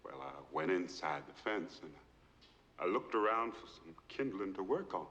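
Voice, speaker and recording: A humble soft-spoken witness. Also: male voice, low voice, expressive, moderate pace, highs cut off. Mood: earnest. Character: humble, soft-spoken young man testifying on the stand. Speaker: witness in a courtroom film scene. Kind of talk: film drama testimony. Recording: long hall reverb, old film clip.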